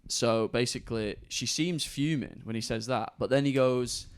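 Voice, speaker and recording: A man's voice: medium pitch, moderate pace, smooth. A man, co-hosting a film podcast in a rambling, slangy way. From Manchester, England. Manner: rambling, many fillers and restarts, slangy. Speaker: podcast co-host. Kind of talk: casual film chat.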